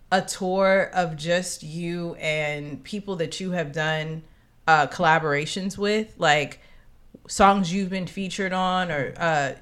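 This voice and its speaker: A woman co-hosting a podcast, telling a personal story in casual chat, acting out quotes with slangy, expressive asides. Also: on the low side. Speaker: podcast co-host.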